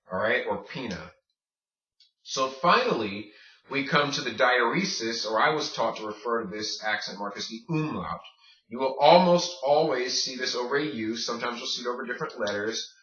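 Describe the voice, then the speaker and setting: A man teaching a recorded Spanish pronunciation lesson, saying words slowly and repeating them. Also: medium pitch, sharp tone. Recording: echoey room, distant dull mic.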